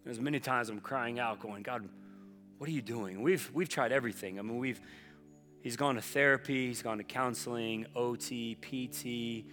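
A man in his thirties, a pastor preaching a sermon in an earnest, conversational way that often drops soft and low. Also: fairly even intonation, moderate pace. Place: church auditorium. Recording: long reverb of a large hall with faint music.

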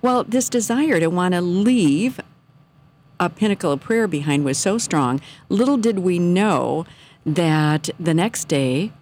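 A middle-aged woman telling a personal faith story in casual, earnest talk, animated when she quotes her own thoughts. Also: lowish voice, measured pace, slight background noise.

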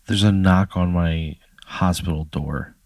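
A man's voice: deep voice, steady tone, unhurried, darkish tone, no echo. A man playing himself in an improvised comic scenario, reacting with exasperation and plenty of swearing. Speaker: podcast co-host playing along. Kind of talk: improvised comedic role-play.

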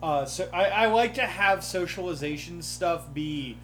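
A man's voice: high voice, a little slow, faint music behind. A man running a tabletop game, talking casually and acting out lines from the table, with frequent swearing. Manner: animated, acts out table dialogue, swears. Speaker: game master. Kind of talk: casual chat.

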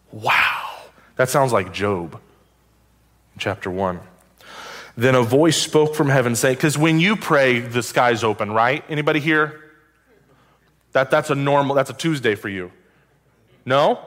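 A man's voice: mid-range voice, a bit bright. A male pastor preaching a sermon, reading scripture aloud and adding wry, conversational asides and questions to the congregation.

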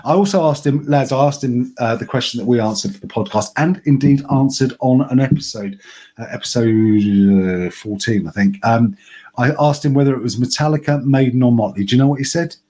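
A man's voice: mid-range voice, a little fast, dark tone. A man hosting a music podcast, chatting casually and joking with a bit of swearing. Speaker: podcast host.

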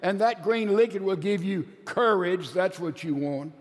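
A slow, apologetic old wizard explains away what he cannot do, as a high-voiced preacher puts him on. The lines come out drawn out and evasive, in a high register. They ring with the long reverb of a large hall. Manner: slow, apologetic excuse-making. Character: evasive old male wizard making excuses.

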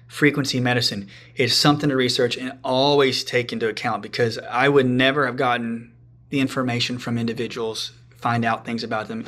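A man's voice: medium pitch, a bit bright. A man guesting on a podcast, telling a story casually and chattily, with frequent restarts and asides.

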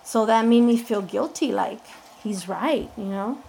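A woman's voice: fairly high pitch, a little slow, creaky, a little mellow, slight background noise, low-quality recording. A woman, an interview guest, candidly telling her own story and often quoting what people said. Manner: candid, frank, often quotes people in conversation. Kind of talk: personal storytelling.

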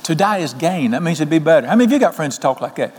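A man, preaching an evening sermon in a folksy, animated way and asking the congregation questions. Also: a little high, racing, slightly rough. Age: 60s. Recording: long hall reverb.

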